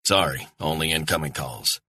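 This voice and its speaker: A man's voice: a bass voice, moderate pace, pushed and bright, slightly rough, no echo, exaggerated voice. Man playing a laconic American operative. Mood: guarded. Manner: terse, understated replies. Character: wary American male operative, laconic, calm.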